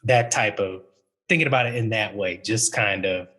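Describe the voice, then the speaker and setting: Male archivist, panel talk, lowish husky voice, measured and chatty. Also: bright, forceful tone, rough recording. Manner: thoughtful, conversational, with frequent fillers. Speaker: university archivist. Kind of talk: panel discussion.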